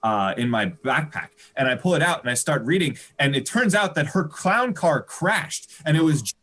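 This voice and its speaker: A man improvising a rambling comedy story on a live stream, animated and laughing at his own jokes. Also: fairly high pitch, moderate pace.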